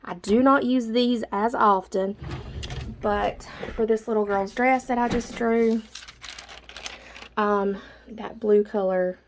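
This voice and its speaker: A chatty woman walks through her art supplies in an easygoing vlog, a little out of breath, with plenty of filler words. Her voice has a gravelly, fry-tinged edge, and a faint hiss sits under the recording. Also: a little high, fairly even intonation, slow pace, long pauses. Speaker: artist showing her drawing supplies. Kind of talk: casual show-and-tell vlog.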